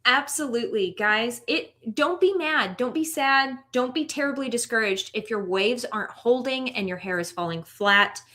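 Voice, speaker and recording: A woman's voice: fairly high pitch, normal speed, hardly any pauses, sharp tone. A woman co-hosting a casual podcast, playful and encouraging, with jokes in her talk. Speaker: podcast co-host.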